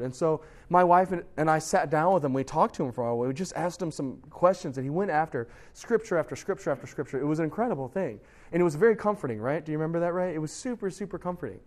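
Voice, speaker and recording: Guy running youth group bible talk, kinda high voice, animated, keeps going "right?". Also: fast talker. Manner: animated, acts out quoted voices; conversational, asks the listeners questions.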